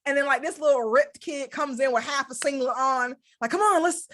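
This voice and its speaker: A woman's voice: high voice, steady tone, fairly quick, a bit bright. A woman hosting a podcast interview, chatting casually with a candid, self-deprecating humor and frequent laughter. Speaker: podcast host.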